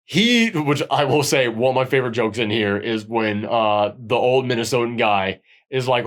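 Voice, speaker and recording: A man chatting casually about a horror film, rambling and animated, now and then acting out lines in a gruff voice. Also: mid-range voice, moderate pace. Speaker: podcast host. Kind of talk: casual movie review chat.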